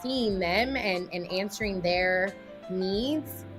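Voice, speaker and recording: A woman's voice: medium pitch, slow, soft background music. Candid, rambling woman guest. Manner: emotional, rambling, heavy use of "like" and "you know". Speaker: guest, athlete and mother. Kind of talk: candid conversational interview.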